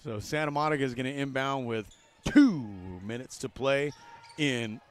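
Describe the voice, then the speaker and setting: An older man doing live play-by-play for a college basketball game, jokey and excitable, with loud calls on big plays. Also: medium pitch, moderate pace. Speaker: play-by-play commentator. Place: courtside broadcast booth in a gym.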